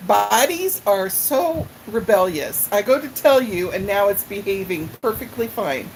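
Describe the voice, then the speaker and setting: Woman, middle-aged, stream host, casual rambling chat, answers viewers by name, slow unhurried delivery, faint background noise. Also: mid-range voice, lively intonation, low-quality recording. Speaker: livestream host.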